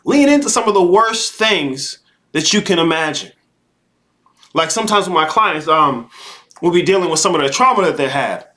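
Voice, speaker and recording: A man with a high, lively voice delivers a live-stream motivational monologue. He hammers his points with repetition, swearing and sermon-like emphasis, leaping all over his range as he coaches. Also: moderate pace. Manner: emphatic, repetitive and profane, preachy. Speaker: life coach host.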